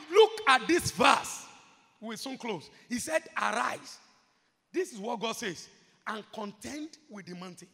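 A man preaching a sermon as pastor, moving from murmured asides to shouted, repeated chants. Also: very high-pitched, lively intonation, measured pace, gravelly, pauses often, slightly rough. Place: large church hall. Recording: reverberant church hall.

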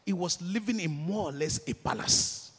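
A man with a Nigerian accent preaching a sermon and telling a story, swinging from shouted declarations to hushed storytelling. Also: high voice, normal speed, slightly rough. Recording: long hall reverb.

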